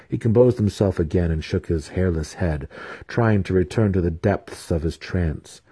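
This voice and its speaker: A man narrating a fantasy novel as an audiobook reader, in a measured, even storytelling manner. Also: low voice, slightly rough, dry recording.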